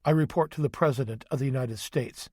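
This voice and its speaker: A man's voice: mid-range voice, quick pace, dark tone, no echo, clean studio sound, lightly acted. A man reading the lines of a stern, formal male Army sergeant major in an audiobook, firm and clipped.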